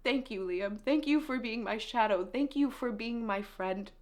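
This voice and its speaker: A woman's voice: on the high side, a little slow. A woman casually recapping a novel's plot, emotional and tearful as she tells it. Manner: emotional, tearful retelling with laughs. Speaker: book reviewer recapping a novel.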